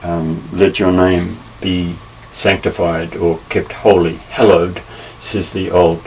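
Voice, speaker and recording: A man teaching a Bible lesson, measured and careful, pausing often with fillers as he explains. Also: deep voice, flat delivery, darkish tone. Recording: slightly distant mic with faint ambient noise.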